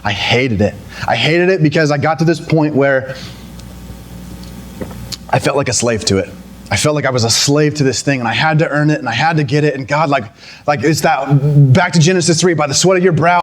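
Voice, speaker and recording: A man's voice: mid-range voice, fairly quick. A young adult man preaching a sermon in a conversational way, often restarting and then climbing into emphatic, pleading passages. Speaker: pastor.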